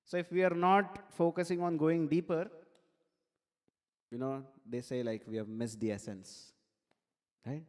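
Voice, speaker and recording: A man preaches at a temple, telling a devotional story with animated energy. His voice sits somewhat high for a man. The long reverb of the hall rings after his phrases. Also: a little slow, pauses often. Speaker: temple speaker.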